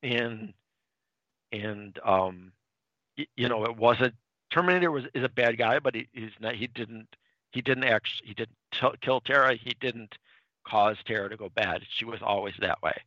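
A man's voice: medium pitch, normal speed, dry recording, lo-fi sound. A man casually recapping a comic book plot on a podcast, rambling with restarts and acting out lines. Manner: animated, dips into quoted character lines. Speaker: podcast co-host.

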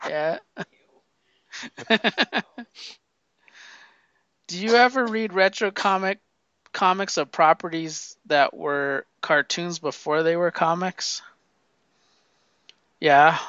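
A man's voice: on the high side, slow, long pauses, bright, forceful tone, clean tone, dry recording, lo-fi sound. A man co-hosting a podcast in casual chat, playful and self-mocking, often laughing. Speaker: podcast co-host.

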